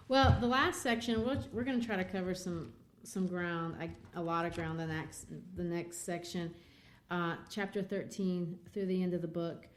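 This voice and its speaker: Woman host retelling a novel. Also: on the low side. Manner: animated retelling with many fillers. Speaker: podcast host. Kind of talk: literature podcast discussion.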